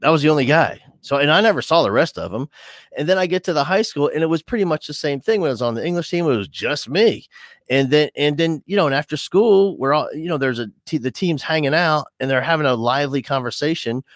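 A man's voice: on the high side, fast talker, no room sound, studio quality. A middle-aged man, an educator as podcast guest, talking casually and animatedly, with many restarts. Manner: animated, restless, full of restarts.

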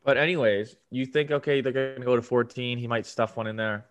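A man's voice: medium pitch, brisk. Easygoing man, casual podcast chat. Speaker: podcast co-host.

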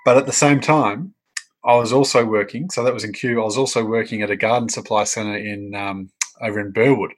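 A middle-aged man with an Australian accent, interviewing in a relaxed conversation and telling animated stories. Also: lowish voice, brisk, low-quality recording. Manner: chatty storyteller, animated when telling anecdotes. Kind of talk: casual conversation.

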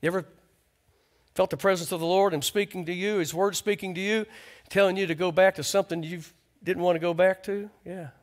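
A pastor preaching a conversational sermon in a church, asking the congregation rhetorical questions. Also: male voice, high voice, steady tone, a little fast. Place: church sanctuary.

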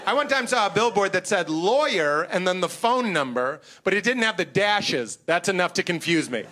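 A man doing a stand-up comedy set on stage, animated and self-mocking. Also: high-pitched, normal speed, a faint crowd, slight background noise. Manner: animated, self-mocking, slips into goofy voices. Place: comedy stage before a live audience.

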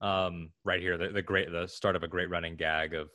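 A man co-hosting a podcast in casual chat, speaking with enthusiasm in quick bursts. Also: sits low, flat delivery, pushed and bright, no echo, studio quality. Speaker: podcast co-host.

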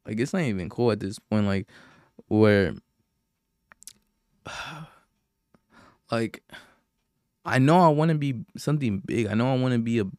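A man's voice: mid-range voice, a little slow, long pauses, a little mellow, no echo, clean studio sound. A young man hosting a podcast, rambling in a casual rant full of profanity, sighs and fillers. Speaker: podcast host.

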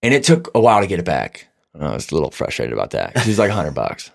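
A man's voice: sits low, huge pitch swings, fast talker, vocal fry. A young man chatting on a podcast, loose and profane. He tells stories in a joking way. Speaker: podcast co-host. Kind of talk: casual chat.

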